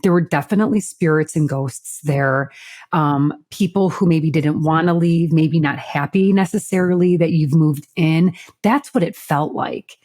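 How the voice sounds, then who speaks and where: A woman's voice: low-pitched, normal speed, darkish tone, no echo, studio quality. A middle-aged woman co-hosting a podcast in casual chat, frank and chatty, swearing now and then. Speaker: podcast co-host.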